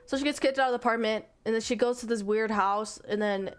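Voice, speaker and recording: A young adult woman streamer casually retelling a story in a rambling, animated way, full of fillers and restarts. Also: fairly high pitch, fast talker. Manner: rambling and animated, acting out characters' lines. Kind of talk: casual stream chat, retelling a manga plot.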